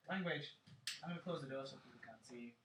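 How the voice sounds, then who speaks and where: A man's voice: mid-range voice, fairly quick, fairly bright tone. A man co-hosting a casual podcast with friends, bantering easily and slipping into mock-announcer asides. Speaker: podcast co-host. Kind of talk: casual chat. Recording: echoey room, distant mic, faint hiss.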